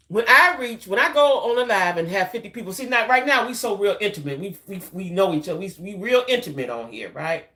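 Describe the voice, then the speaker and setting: A middle-aged woman, hosting a loose, casual live-stream chat with her viewers. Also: a bit bright. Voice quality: deep voice. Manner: chatty, loose, repeats herself, talks to viewers as y'all. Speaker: YouTube channel host.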